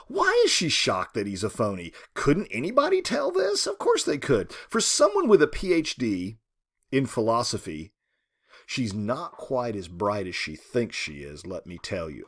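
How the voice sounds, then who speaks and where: A male literature professor in his fifties or older gives a lecture in a conversational way. He asks rhetorical questions and drops frank asides. His pitch moves in a lively way, though it sits at a middling level for a man. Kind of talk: recorded lecture.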